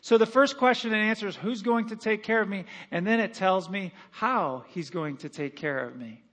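A man with a notably high voice preaches a sermon as pastor. He is emphatic and repeats his phrases for weight. He often calls on the congregation to answer back. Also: lively intonation, moderate pace, fairly bright tone.

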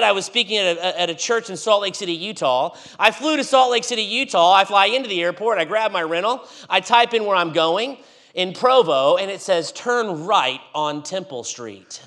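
A man preaching in a church, telling a story with animated swings between loud and hushed delivery. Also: high voice, gravelly. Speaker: guest preacher. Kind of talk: storytelling sermon.

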